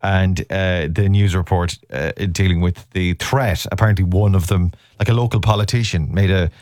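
A man's voice: low voice, fairly even intonation, normal speed, darkish tone, no echo, clean studio sound. A man with an Irish accent hosting a radio show, rambling and chuckling, trailing off with ums. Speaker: radio host. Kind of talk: chatty radio banter. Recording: music bed behind.

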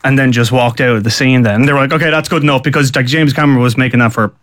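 A man's voice: medium pitch, fairly even intonation, fast talker. A man chatting on a radio show, rambling through film trivia with lots of filler words. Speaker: radio co-host discussing films. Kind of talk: casual radio chat.

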